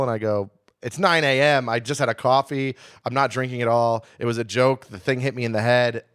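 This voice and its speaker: Male comedy podcast co-host, animated profane storyteller, medium voice, dry close sound. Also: mid-range voice, fairly quick, clear, resonant tone, no echo.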